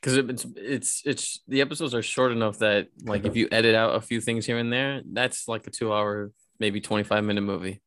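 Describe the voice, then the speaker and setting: Lower-voiced laid-back podcast man. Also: brisk, hardly any pauses, no room sound, studio quality. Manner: relaxed, hedging with "you know" and "like". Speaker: podcast co-host. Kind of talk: casual chat.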